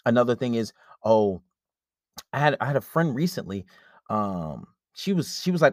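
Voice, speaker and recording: A man talks straight into the mic in a dry, close setting, handing out blunt dating advice in a loose, chatty monologue. He slips into quick impressions of conversations as he explains his points. His voice sits at an ordinary middle pitch. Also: very animated, no room sound. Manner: blunt, conversational, acts out quoted dialogue. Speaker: podcast host. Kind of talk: casual relationship advice monologue.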